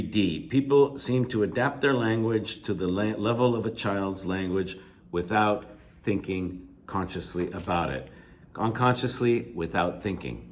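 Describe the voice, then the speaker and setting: In a recorded video lecture going over reading answers, a male English teacher explains each key word again using simpler synonyms and repeats himself while working through the answers. He raises his pitch on examples and lets his phrases drop off quietly at the end.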